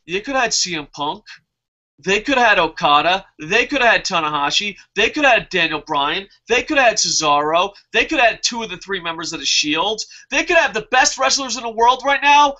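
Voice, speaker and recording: A man with a high, bright voice hosts a casual wrestling review and answers viewer comments. He gets heated and swears freely as he rants. The recording is muffled and lo-fi. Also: animated, moderate pace. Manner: heated, profane ranting.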